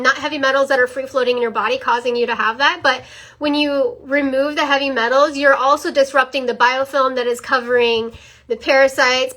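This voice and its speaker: A woman's voice: sits high, a bit bright. A young woman earnestly giving a casual testimonial as a mother, with many fillers and repeats. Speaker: mother sharing a product testimony.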